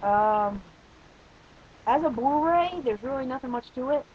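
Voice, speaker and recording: A man's voice: extremely high pitch, expressive, a little slow, narrow, tinny audio, a little hiss or hum. A young man giving a casual, opinionated spoken movie review, rambling with frequent restarts and fillers.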